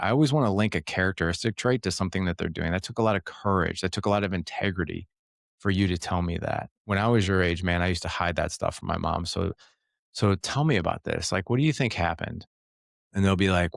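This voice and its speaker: A man's voice: deep voice, fairly even intonation, fairly quick, creaky, dry recording, studio quality. A middle-aged man as a podcast guest, coaching fathers in an earnest, casual way, often repeating words and saying man and dude.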